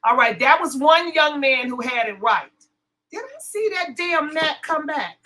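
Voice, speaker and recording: A woman's voice: sits high, animated, measured pace, sharp tone, slight background noise, low-quality recording. A woman hosting a casual livestream, sassy and blunt as she talks back to her chat. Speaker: livestream host.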